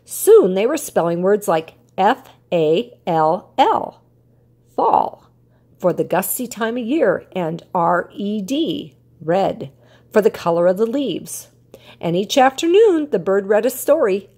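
An older woman reads a children's picture book aloud, her voice rising and falling with lively storytelling expression. There is a soft, slightly husky breathiness to her tone. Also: medium pitch, takes it slowly. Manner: warm, expressive storytelling cadence.

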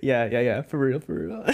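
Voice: medium pitch, gravelly, darkish tone. A young adult streamer chatting casually with live chat while drawing, rambling and often breaking into giggles. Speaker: livestreamer.

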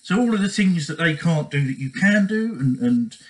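A man's voice: on the high side, lively intonation, moderate pace, poor audio. A man giving relationship advice in a casual monologue, earnest and repetitive, often checking in with "okay?".

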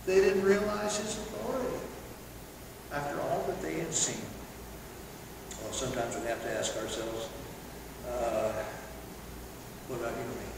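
A man preaching a sermon in a church, animated, acting out quoted lines in a loud voice. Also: high-pitched. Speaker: pastor. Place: church sanctuary. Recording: echoey hall from far off, noisy.

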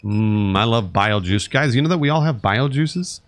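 A man's voice: medium pitch, lively intonation, moderate pace. Sarcastic, swearing man streaming a game. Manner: sarcastic, grumbling, swears often; talks to chat and customers. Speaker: streamer playing a store sim. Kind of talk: casual live-stream commentary.

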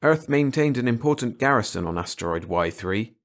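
A man narrating a science fiction short story in a measured, steady storytelling voice. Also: mid-range voice. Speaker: audiobook narrator. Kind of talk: scripted narration.

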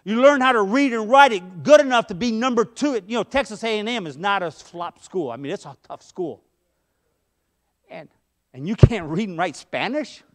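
Man, high voice, pastor, conversational sermon, church, storytelling asides. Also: lively intonation, normal speed. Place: church sanctuary.

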